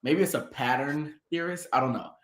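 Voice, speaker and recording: A man's voice: fairly high pitch, a little fast, fairly bright tone. A man from Atlanta co-hosting a casual sports talk show, riffing playfully on jokes and laughing easily. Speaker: co-host. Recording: echoey room.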